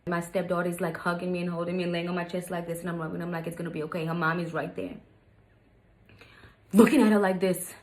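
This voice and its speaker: A woman's voice: on the low side, flat delivery, brisk. A woman in her thirties telling a personal story in a chatty, casual way, often turning to her viewers. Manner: chatty, repeats "you guys" to viewers. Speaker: vlogger.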